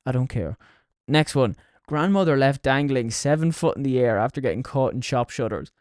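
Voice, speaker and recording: A man's voice: mid-range voice, expressive, moderate pace, a little mellow, clear, resonant tone, no echo, studio quality. A young Irish man hosting a solo podcast, talking casually with plenty of swearing and mockery. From Ireland. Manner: sweary, mocking. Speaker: podcast host.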